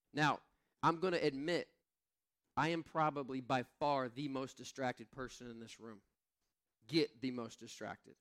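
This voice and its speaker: A man's voice: mid-range voice, a bit bright. A middle-aged man preaching a sermon in a humorous, self-mocking way, acting out the voices he quotes. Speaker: pastor.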